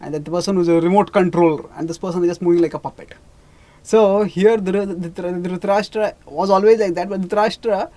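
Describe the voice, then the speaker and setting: Halting storytelling scripture teacher. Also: medium pitch, darkish tone. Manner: halting, frequent restarts on names, quotes characters. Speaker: religious teacher.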